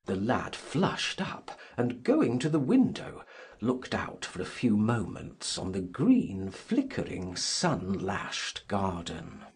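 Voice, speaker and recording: Male audiobook narrator, low and very slow, measured, unhurried storytelling. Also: wildly swooping pitch, husky. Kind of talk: scripted narration.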